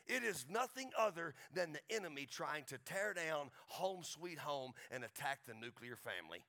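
A man with a Texas accent preaching a folksy sermon as pastor, building to excited crescendos and closing in prayer. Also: on the high side, moderate pace, gravelly.

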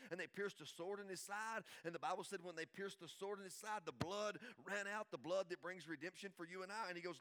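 Preacher guy, lively storytelling sermon, bright edgy voice, bit high. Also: fairly quick. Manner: animated, emphatic storytelling. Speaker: pastor.

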